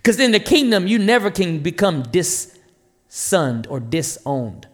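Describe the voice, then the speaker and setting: A preacher in his thirties from North Carolina, USA, speaks in a voice pitched very high for a man, his pitch swinging widely. Passionate and animated, he pleads and fires rhetorical questions at the congregation, slowly, in a big-room sound.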